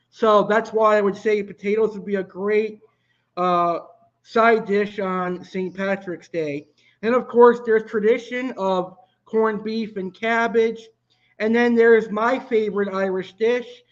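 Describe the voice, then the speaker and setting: A man's voice: sits high, lo-fi sound. A man hosting a live cooking stream, chatting casually and answering viewer comments. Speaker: live cooking show host.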